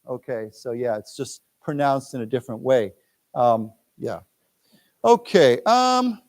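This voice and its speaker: An American man giving an English lesson in a library lecture room, reading news phrases slowly for the class to repeat and patiently explaining words. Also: mid-range voice, a little mellow. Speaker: English teacher.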